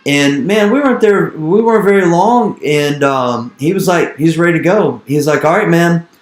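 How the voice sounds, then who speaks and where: A man in his thirties telling an animated story in an interview, repeating his phrases and acting out the dialogue he quotes. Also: fairly high pitch, moderate pace, reverberant. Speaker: real estate investor speaking to an investor group. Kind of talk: energetic storytelling talk.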